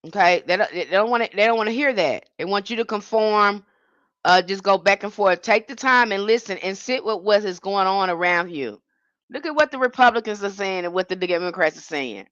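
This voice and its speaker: A woman's voice: mid-range voice, animated, brisk, a bit bright, dry recording, lo-fi sound. A woman hosting a livestream, giving an impassioned monologue with emphatic, indignant restarts. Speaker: livestream host.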